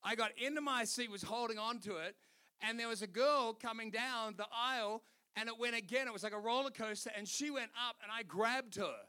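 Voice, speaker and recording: A man's voice: very high-pitched, brisk, smooth. A man with an Australian accent preaching a sermon, telling stories with laughter and acted-out voices. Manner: animated storytelling, laughing, doing voices. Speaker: pastor.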